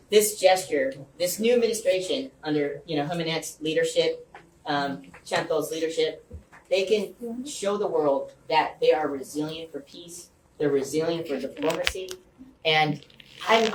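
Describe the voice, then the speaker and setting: A man's voice: a little high, a little slow. A man giving an impassioned, rambling speech to a community group, with many fillers and restarts. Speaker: guest speaker. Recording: echoey room, far from mic, faint hum.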